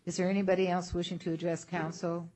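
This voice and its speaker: A woman's voice: lowish voice, little pitch movement, fast, mellow, slight background noise. Woman chairing a council meeting, brief and procedural. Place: council chamber.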